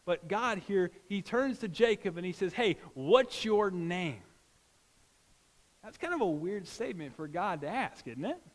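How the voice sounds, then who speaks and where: A pastor preaching a sermon in an earnest, conversational way. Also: male voice, high voice, lively intonation, moderate pace, few pauses, long reverb tail. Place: church sanctuary.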